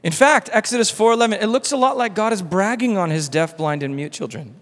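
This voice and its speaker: A man preaching a sermon as pastor, animated and casual, acting out quoted dialogue. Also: high-pitched, fairly quick. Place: church hall. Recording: long hall reverb.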